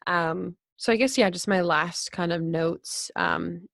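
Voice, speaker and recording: Young woman, co-host, casual review chat, playful tone, lowish voice, dry close sound. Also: gravelly, a bit bright, no room sound. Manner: playful, agreeable, quick to laugh.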